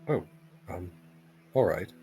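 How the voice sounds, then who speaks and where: A man's voice: low-pitched, expressive, slow pace, warm tone, faint music behind. A man voicing a shy, nervous male ember-and-smoke being who stammers and hesitates.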